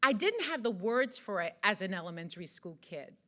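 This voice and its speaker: A woman's voice: medium pitch, sing-song, fairly quick, bright, forceful tone. A woman from Jamaica giving an earnest motivational speech to an audience, full of rhetorical questions. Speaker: event speaker. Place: event hall.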